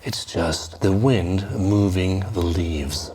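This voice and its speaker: A man reading as a calm, reasoning father. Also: low-pitched, slow pace, a little hiss or hum. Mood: soothing. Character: calm, rational father soothing his son.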